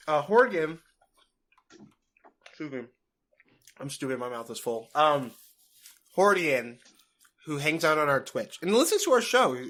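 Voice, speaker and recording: A man co-hosting a podcast in casual, rambling chat, swearing freely. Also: fairly high pitch. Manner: rambling, swears freely, bursts into loud laughter. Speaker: podcast co-host.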